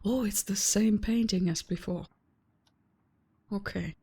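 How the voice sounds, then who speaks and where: A woman doing slow, musing gameplay commentary and reading on-screen text aloud. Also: medium pitch, dark tone, slightly rough. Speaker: let's play host.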